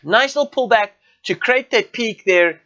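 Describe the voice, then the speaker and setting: A South African forex trading educator walks viewers through a live trading chart session in a webinar, talking informally and often checking in with them. His voice is high-pitched, pushed, and bright at a moderate pace, with lo-fi sound.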